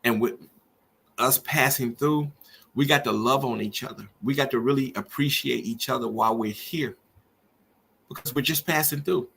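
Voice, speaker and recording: A man's voice: mid-range voice, moderate pace, vocal fry, fairly bright tone, a little hiss or hum. A middle-aged man hosting a podcast, talking earnestly and preacherly about grief and faith. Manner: earnest, preacherly, rising with feeling. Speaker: podcast host. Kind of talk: emotional personal monologue.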